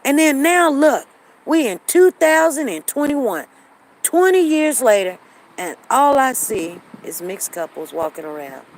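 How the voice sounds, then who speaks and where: With poor audio, we hear a woman hosting a show who casually narrates a story to viewers, saying things more than once and acting out other people's words. Her voice is high and very animated, though her pace stays measured.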